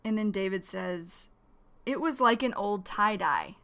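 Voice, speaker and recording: A woman teaching English vocabulary, explaining each word slowly and carefully. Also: mid-range voice, fairly bright tone. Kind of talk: vocabulary lesson.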